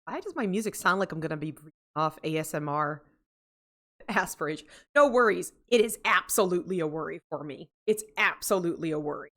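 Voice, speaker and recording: A woman's voice: lowish voice, lively intonation, a little fast, a bit bright. Sleepy rambling woman streamer. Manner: rambling, self-interrupting, chatty with chat readers, laughs often. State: sleepy, yawning. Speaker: game streamer. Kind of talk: casual livestream chat.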